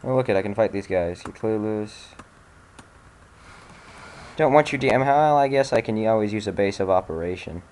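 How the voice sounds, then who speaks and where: A man's voice: on the low side, expressive, moderate pace, pauses often, a little mellow, slight background noise. Sarcastic, swearing young man gaming. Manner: sarcastic, swears, frustrated outbursts. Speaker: let's play gamer. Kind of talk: casual gameplay commentary.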